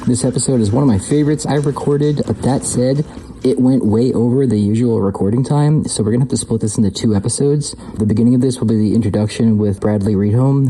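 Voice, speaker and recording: A man hosting a podcast interview, talking in a relaxed, rambling way with lots of fillers. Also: medium pitch, poor audio. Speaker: podcast host.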